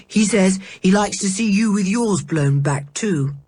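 A woman voicing a grave, dry-witted older boy in a storybook reading, calm with dry humour. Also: medium pitch, a little slow, breathy edge, no echo.

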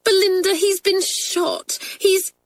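A woman reading a storybook and voicing an eager, soft-hearted schoolgirl who is close to tears. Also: a little high, very animated, normal speed, voice pushed up. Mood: pleading.

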